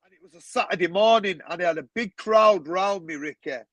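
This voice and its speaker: A man, a podcast guest telling animated stories, swearing often and acting out other people's voices. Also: high voice, fairly quick, no echo, dull audio. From Manchester, England. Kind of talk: casual storytelling.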